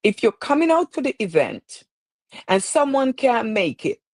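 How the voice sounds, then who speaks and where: A woman's voice: a little high, sing-song, normal speed, no echo. A woman hosting her own stream, speaking in an emotional, preacherly way with repeated phrases. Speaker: show host. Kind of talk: impassioned live-stream talk.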